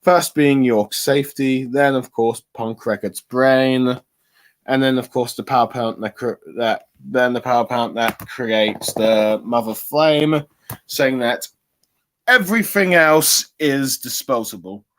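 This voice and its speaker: Man, host of a casual comic review, rambling, halting, lots of fillers, average pitch. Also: fairly bright tone.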